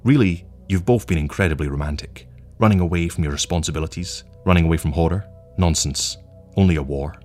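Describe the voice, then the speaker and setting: A cold, patient male agent from the future speaks with calm, wry menace in a very deep voice, as a man puts him on. His delivery is languid and measured, with faint music underneath. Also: lightly acted. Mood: menacing.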